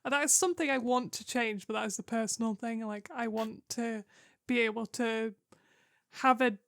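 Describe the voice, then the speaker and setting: A woman's voice: fairly high pitch, fairly even intonation, normal speed, creaky, a bit bright, no echo. Hesitant young woman, dry sound. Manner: hesitant, with frequent "um"s and laughter. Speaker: podcast co-host and game master. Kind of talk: casual chat.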